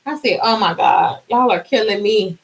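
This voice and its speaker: A woman's voice: mid-range voice, moderate pace, low-quality recording. A woman hosting a casual live stream, chatty and bubbly, sleepy and singing out little cheers.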